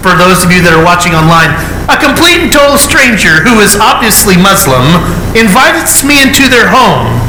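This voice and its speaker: A man preaching a sermon, telling a story in an animated way, acting out the dialogue and often restarting his sentences. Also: high-pitched. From United States. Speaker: pastor. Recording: roomy hall with background noise.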